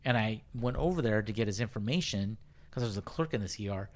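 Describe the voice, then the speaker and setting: A man's voice: lowish voice, expressive, fast talker. Rambling man telling a story. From Hispanic, worked in San Diego. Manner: rambling storyteller, many restarts and fillers. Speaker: podcast co-host. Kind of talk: casual chat.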